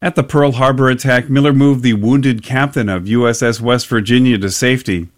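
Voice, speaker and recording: A man reporter narrates a radio news package in a measured, clear way. His voice sits at a middle pitch. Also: fairly even intonation.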